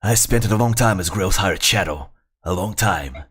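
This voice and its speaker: A man doing a low, hissing assassin. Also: lively intonation, a bit bright, husky, exaggerated voice. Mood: secretive. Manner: low, slow, hissing snake voice. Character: secretive male assassin, sly, snake-like.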